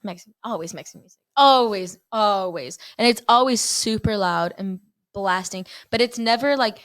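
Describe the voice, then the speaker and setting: This is a young woman from Texas, a softball player talking as a guest. She is a chatty storyteller who laughs easily, and her voice sits in a middle pitch. The sound is dry, with no room echo. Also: moderate pace. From Texas, USA. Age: young adult. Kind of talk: casual interview chat.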